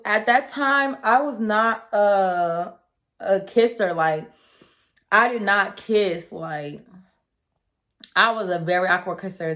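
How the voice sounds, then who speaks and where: A young woman recounts a story in a casual vlog, talking straight to her viewers. Her voice sits at a medium pitch, and she keeps things chatty and animated, acting out what people said and laughing along the way. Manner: chatty and animated, acts out quotes, laughs often.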